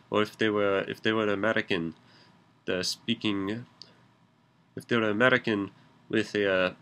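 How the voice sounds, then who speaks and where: A man with a somewhat low voice talks casually to his camera. He rambles, circling back and groping for the right words as he explains. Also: a bit bright. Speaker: video maker.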